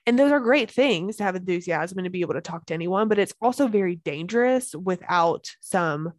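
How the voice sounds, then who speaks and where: A woman's voice: lowish voice, expressive, brisk, few pauses, no room sound. A woman hosting a solo podcast as a business coach, talking with energy and emphasis and repeating key phrases.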